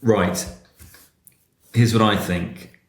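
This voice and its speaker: A man giving casual advice on performing, animated and chatty. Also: fairly low pitch, very slow, gravelly. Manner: animated, chatty, slips into quoted voices. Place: cafe. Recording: echoey room.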